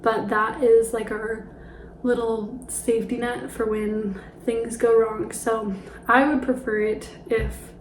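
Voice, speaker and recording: A young woman in her twenties chats casually about money, her voice a touch high and a little out of breath. She drops in fillers and soft laughs as she goes. The room around her rings with echo. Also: level tone, slow, slight background noise. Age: 20s. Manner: chatty, with light laughs and fillers. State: slightly out of breath. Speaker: personal finance vlogger. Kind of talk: casual talk to camera.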